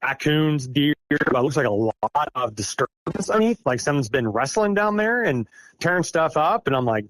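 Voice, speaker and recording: A man's voice: on the high side, animated, normal speed, fairly bright tone, dry recording. A middle-aged man from Iowa, a podcast guest telling a personal story casually, rambling and self-deprecating with many fillers. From Iowa, United States. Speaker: guest recounting an encounter.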